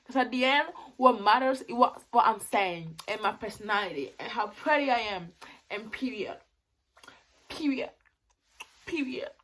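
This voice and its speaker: Speaking at a fairly high pitch and normal speed, a twenty-something vlogger whose first language is Spanish chats casually into her phone. Her energy shifts from loud excitement to quiet reflection.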